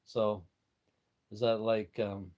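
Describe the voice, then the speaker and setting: This livestream host is an older American man chatting with his audience from his workshop, folksy and chuckling as he reads their messages. His voice is on the low side, slow, and darkish, with little pitch movement.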